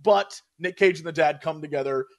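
A man's voice: on the high side, a little fast. A man co-hosting a casual podcast chat, rambling and searching for his words with lots of fillers. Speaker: podcast co-host.

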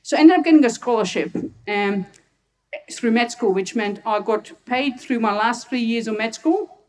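A woman's voice: a little high, lively intonation, normal speed, recorded from a distance. A woman from Hungary who is a doctor, telling personal stories to an audience and laughing often. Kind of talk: personal storytelling talk to an audience.

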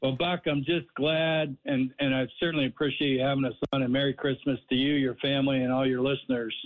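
A man's voice: mid-range voice, flat delivery, fairly quick. A man calling in as a guest executive on a radio show, polite and gracious. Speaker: bowl game executive, guest. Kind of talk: phoned-in radio interview. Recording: tinny phone line.

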